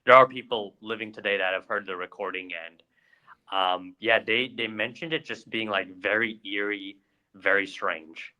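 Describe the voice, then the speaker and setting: A man's voice: fairly low pitch, normal speed, bright, forceful tone, rough recording. A man co-hosting a podcast, telling a story in casual chat with lots of fillers and restarts. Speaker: podcast co-host.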